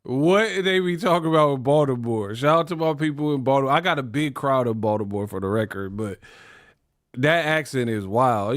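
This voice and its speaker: A young man hosting a live boxing stream, talking in animated slang. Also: mid-range voice, moderate pace, no echo. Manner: animated, slangy, laughs at his own jokes. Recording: dry close mic.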